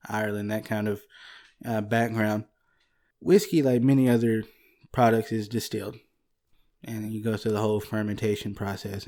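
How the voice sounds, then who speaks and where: Mellow-voiced man telling history with chuckles. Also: on the low side. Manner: laughing, easygoing storyteller. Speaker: podcast co-host. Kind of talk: casual podcast history talk.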